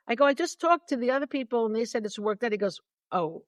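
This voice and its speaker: A woman's voice: medium pitch, a little fast, fairly bright tone, no room sound. A woman co-hosting a podcast in casual chat, telling a story with energy and acting out both sides of the phone calls as she goes. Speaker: podcast co-host.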